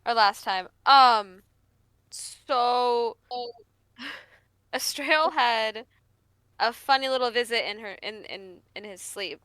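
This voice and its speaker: A woman player recapping a game session in casual chat, halting and searching for words. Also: on the high side, pushed and bright, clear, resonant tone, dry recording.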